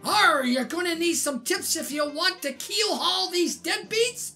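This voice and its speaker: A little pirate girl from a cartoon-style video game, full of salty pirate talk, as a woman reads her lines aloud. Her voice sits high. Game music plays underneath. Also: measured pace, pushed and bright, heavily acted. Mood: bossy.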